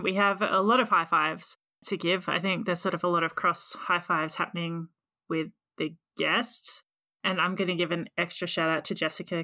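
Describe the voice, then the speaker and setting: A woman's voice: on the low side, bright, forceful tone. A woman hosting a podcast in casual chat, upbeat and effusive, over a remote call. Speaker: podcast host.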